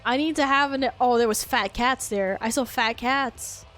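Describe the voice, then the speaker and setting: A woman's voice: on the high side, normal speed, fairly bright tone, soft background music. A woman streamer in casual chat, swearing, laughing and reading chat messages aloud.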